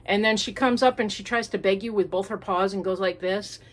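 A woman's voice: medium pitch, fairly quick. A woman hosting a home crafting podcast, chatting casually in a rambling way. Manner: chatty and rambling, with many fillers. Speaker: crochet podcast host. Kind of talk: casual chat.

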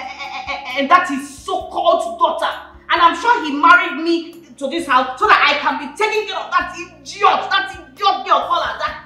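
An actress with a Nigerian accent playing a hot-tempered, scornful wealthy stepmother who mocks and scolds loudly. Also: extremely high pitch, exaggerated voice. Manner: loud, mocking and scolding. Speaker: film actress. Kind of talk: Nollywood film acting. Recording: echoey room with faint music.

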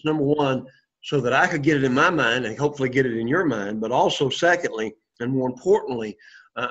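A man's voice: medium pitch, fairly bright tone, highs cut off. A man teaching a Greek class, explaining patiently and checking in with "okay?" after each point. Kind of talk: classroom lesson.

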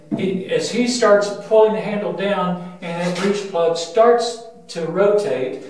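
An older man working as a museum ship guide, walking through the loading steps with frequent uh-fillers and a steady, methodical explanation. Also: slight background noise. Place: inside a steel gun turret on a battleship. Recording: booming metal-room echo, mic at a distance.

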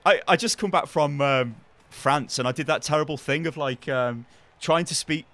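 A man's voice: on the high side, normal speed, a bit bright. A man chatting casually while playing a game against a friend, chuckling and muttering his moves aloud. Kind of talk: casual gameplay chat.

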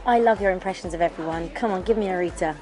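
A woman's voice: fairly low pitch, fast, a little mellow, soft background music. A woman presenter interviewing two judges with chirpy, teasing questions. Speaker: entertainment interviewer. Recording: crowd behind.

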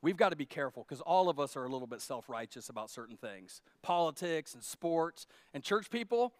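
A male pastor preaching a sermon, animated and humorous, jumping between loud emphasis and quiet asides to his congregation. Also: on the high side, fairly quick, dry recording. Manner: humorous, talks directly to the congregation.

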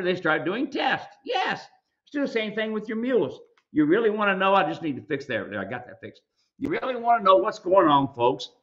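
Emphatic, folksy male host lecturing on air, with a slightly high, forceful voice and dull, lo-fi audio. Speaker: mule ranch owner and show host. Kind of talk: live video Q&A commentary.

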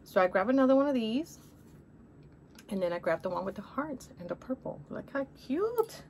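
A woman's voice: mid-range voice, animated, brisk, a little mellow, slight background noise. A middle-aged woman with a Spanish accent, chatting upbeat through a shopping haul and calling viewers honey. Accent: Spanish-accented English. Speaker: haul vlogger. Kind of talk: casual shopping haul chat.

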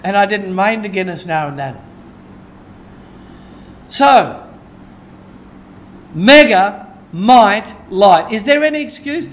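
A man preaching a sermon in a church, excitable and conversational, often asking "Hey?" and laughing. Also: high-pitched, takes it slowly, pauses often. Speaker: pastor.

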